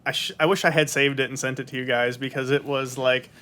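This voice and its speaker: A man hosting a casual podcast chat, joking and trading quick banter with friends. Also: mid-range voice, steady tone, sharp tone. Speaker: podcast host.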